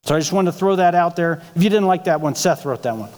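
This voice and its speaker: A man's voice: fairly high pitch, animated, fast, a little mellow, long reverb tail. A male pastor preaching a sermon in a conversational way, asking the congregation rhetorical questions. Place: church sanctuary.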